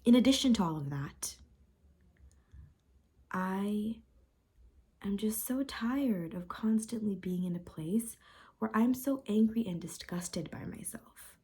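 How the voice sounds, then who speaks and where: A woman's voice: medium pitch, slow, long pauses, a little mellow, slightly rough. A young woman talking candidly and upset in a confessional vlog, rambling and repeating herself. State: upset and frustrated. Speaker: vlogger.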